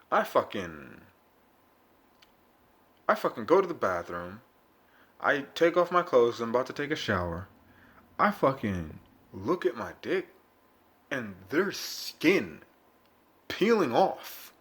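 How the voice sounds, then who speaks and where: A young man rambles through a casual vlog monologue, swearing freely and jumping between loud bursts and low mutters. His pitch swings lively up and down, in a middle register for a man. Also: slow pace, pauses often. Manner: profane, rambling, laid-back with sudden loud bursts. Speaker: vlogger.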